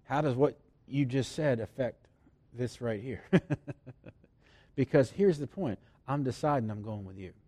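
A man preaching a sermon who swings from loud emphasis to hushed near-whispers and laughs often between points. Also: medium pitch, lively intonation, measured pace, long pauses, dry recording.

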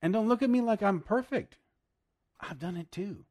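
A man preaching a sermon, emphatic and plain-spoken, with loud bursts, hushed asides and frequent laughs. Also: high-pitched, normal speed.

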